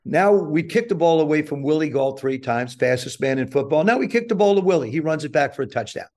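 An older man, a guest on an interview show, telling a self-deprecating story with lively acted-out quotes. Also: a little high, fast talker.

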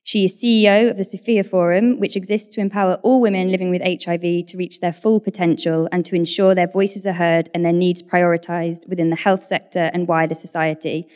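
A woman with a slightly low voice hosts a live event. She reads out a guest introduction, then shifts into relaxed, informal talk about editing the podcast. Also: brisk, hardly any pauses. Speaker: event host.

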